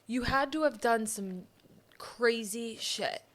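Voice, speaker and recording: A woman's voice: on the high side, takes it slowly. A woman co-hosting a podcast, adding brief supportive comments in casual chat. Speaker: podcast co-host.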